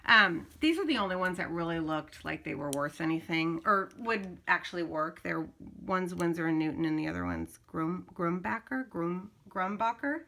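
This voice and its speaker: A craft vlogger chats casually at home, rambling and cutting herself off as she shows off her finds, a bit out of breath. Her low voice carries vocal fry and a bright, forceful tone, moving at a moderate pace with few pauses.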